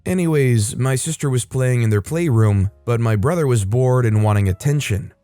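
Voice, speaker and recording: A man hosting a story channel, reading online posts aloud and adding his own quick, sarcastic commentary. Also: medium pitch, warm tone. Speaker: narrator and host of a story channel.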